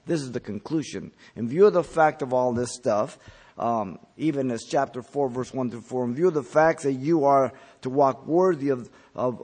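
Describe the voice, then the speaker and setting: Man, pastor, expository sermon, emphatic, mid-pitched voice. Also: darkish tone. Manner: emphatic, rises sharply on key words then drops; teaching, verse-by-verse explanation with asides.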